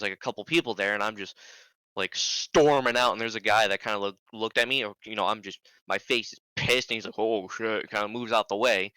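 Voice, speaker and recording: A young man who is a podcast guest, telling a story in animated casual talk and swearing freely. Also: lowish voice, clear, resonant tone, dry recording, rough recording.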